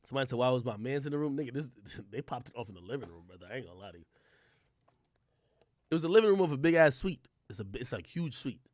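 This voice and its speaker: A young man streaming, telling a crude story in a casual, profane way, swinging from low mumbles to loud outbursts. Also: fast talker, no echo, clean studio sound. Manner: animated, profane, swings between mumbling and yelling.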